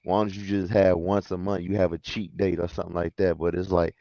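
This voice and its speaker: A man's voice: sits low, flat delivery, brisk, lo-fi sound, crowd noise. A man in a casual basketball chat, slangy, calling people fam and bro.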